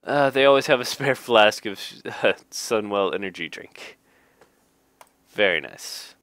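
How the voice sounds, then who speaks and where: A man with a slightly low voice reads game card text slowly and casually. He cracks jokes, laughs at them, and drops dry little asides. The sound is close and dry, with no room echo. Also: expressive, a bit bright. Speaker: gaming YouTuber reading card flavor text. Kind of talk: casual comedic reading.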